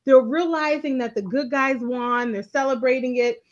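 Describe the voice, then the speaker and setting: A high-pitched woman chats through an episode recap, lively and expressive as she plays out the characters' quotes. The audio is a bit dull and lo-fi. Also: moderate pace. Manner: animated storyteller, acts out quotes. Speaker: recap show co-host. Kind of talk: casual TV recap chat.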